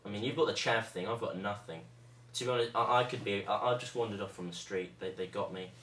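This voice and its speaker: A man with a monotone, self-mocking manner, chatting and joking in a living room. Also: on the low side, quick pace. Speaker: co-host of the ramble. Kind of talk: casual joking chat. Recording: roomy room, from far off, faint noise.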